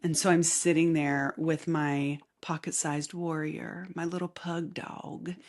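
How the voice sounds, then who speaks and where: A woman hosting a casual solo podcast with a light Southern accent, chatty and rambling, often laughing and dropping into soft asides. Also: low-pitched, little pitch movement, unhurried. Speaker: podcast host. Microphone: camera mic facing the speaker.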